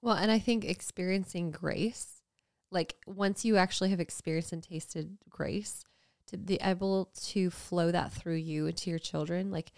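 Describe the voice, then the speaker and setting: A woman in her thirties talks through a casual faith conversation, earnest and reflective, leaning often on "like." Her voice sits lower than most women's and comes across smooth and clean. The sound is dry and close. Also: fairly even intonation, unhurried, a little mellow, no echo. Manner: earnest, reflective, with frequent "like" fillers. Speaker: podcast co-host.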